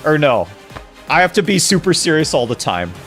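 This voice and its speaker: A man's voice: fairly high pitch, big pitch swings, quick pace, fairly bright tone, soft background music. A young man streaming games, chatting casually, laughing often and bickering playfully with his chat.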